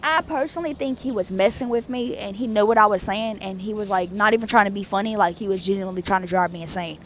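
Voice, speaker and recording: A woman's voice: medium pitch, quick pace, slight background noise. A young adult woman vlogger telling a story in a casual, rambling way, full of fillers. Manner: rambling, animated, with many fillers.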